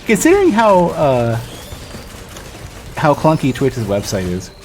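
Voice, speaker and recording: A man's voice: on the high side, huge pitch swings, unhurried, faint music behind. A man streaming a video game, chatting casually and rambling with many restarts. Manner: rambling, self-interrupting, lots of restarts. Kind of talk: casual gaming stream chat.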